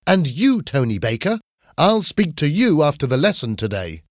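A man's voice: on the high side, big pitch swings, normal speed, no room sound, studio quality, voice pushed up. A man doing a stern woman teacher. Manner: severe, scolding.

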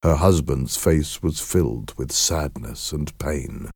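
A man reading a story aloud with a very low voice and lively melody. He takes his time, measured and expressive, in a dry, close sound. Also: creaky, breathy edge, dry recording. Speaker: narrator. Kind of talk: scripted storybook narration.

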